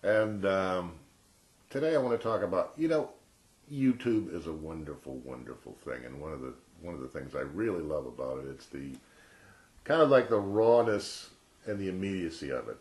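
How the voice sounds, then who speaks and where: A man's voice: low voice, animated, normal speed, darkish tone. A man in his sixties chatting casually and jokingly to camera as a vlogger. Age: 60s. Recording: roomy echo.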